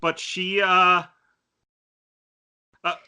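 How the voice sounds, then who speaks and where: A man co-hosting a casual podcast, recapping an anime with lots of ums and quick acted-out quotes. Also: high voice, flat delivery, sharp tone, clean tone. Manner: chatty, many fillers, acts out quotes. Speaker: podcast co-host. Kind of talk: casual anime review chat.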